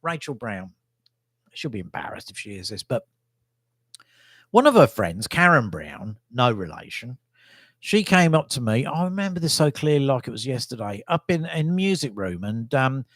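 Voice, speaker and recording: A man's voice: mid-range voice, big pitch swings, normal speed, fairly bright tone, no echo, studio quality. A middle-aged man from England telling stories from his youth in a casual, rambling, self-deprecating vlog monologue. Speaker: vlogger.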